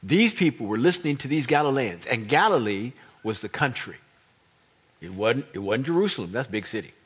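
An American pastor preaches a sermon, telling the story animatedly and acting out the voices of its characters. His medium-pitched voice is slightly rough and fairly quick.

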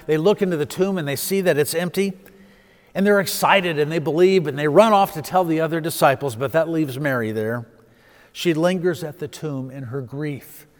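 A man preaching a sermon as pastor, telling a story and swelling with emphasis before dropping soft. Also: on the high side, big-room sound.

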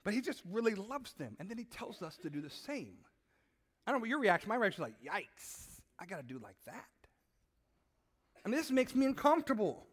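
A man's voice: extremely high pitch, big pitch swings, fast talker. A middle-aged man preaching a conversational sermon, repeating words and asking his listeners questions. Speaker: pastor.

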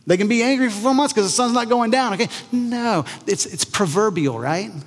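A man preaches to his congregation in a casual, conversational way, slipping into lively voices when he quotes people. His voice sits a bit high for a man. A long reverb trails his words, as in a large hall. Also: brisk. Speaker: pastor. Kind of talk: sermon.

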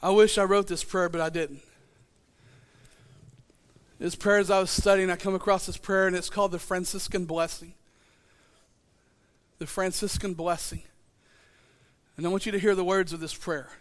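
A man preaching a sermon in church, building to shouted fervor. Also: sits high, fairly even intonation, normal speed, pauses often. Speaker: pastor.

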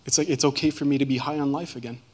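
A man giving a personal testimony as a guest speaker, earnest and halting, with many fillers and restarts. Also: medium pitch, steady tone, darkish tone, a little hiss or hum.

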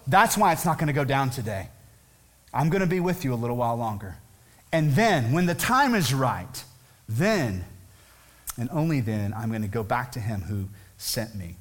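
A man putting on the voice of a calm, confident young male teacher who speaks with quiet conviction. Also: sits high, fast talker, pitched above the performer's own voice, full character voice.

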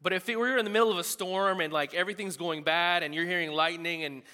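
A man delivers a sermon with a slightly high, bright and forceful voice, talking to the congregation like a friend and breaking into quick asides. His words ring out with a long reverb in a large hall. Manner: conversational, animated preaching with quick asides. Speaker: pastor.

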